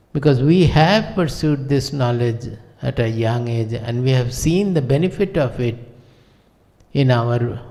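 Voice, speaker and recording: A man with an Indian accent, a spiritual teacher giving a discourse in measured, deliberate short phrases. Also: mid-range voice, vocal fry, dark tone. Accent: Indian English. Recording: long hall reverb.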